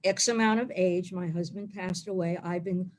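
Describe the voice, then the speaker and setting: A Bronx woman in her forties performs a blunt, rambling stand-up set over a video call, telling stories brashly. Her voice is fairly low and fairly even, at a normal speed, and the audio is very noisy.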